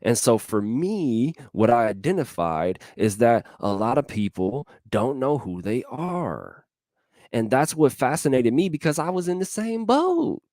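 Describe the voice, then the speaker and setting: In a sing-song, darkish mid-range voice, a man hosts a relaxed motivational talk a little slowly. He's sincere, repeats himself, asks many rhetorical questions, and speaks to listeners folksily and directly, with clean, echo-free studio audio.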